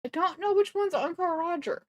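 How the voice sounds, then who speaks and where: A woman livestreamer thinks aloud while reacting to videos. She rambles with plenty of fillers. Her pitch moves around a lot. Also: animated, fairly quick, a little mellow, lo-fi sound. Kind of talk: casual reaction stream chat.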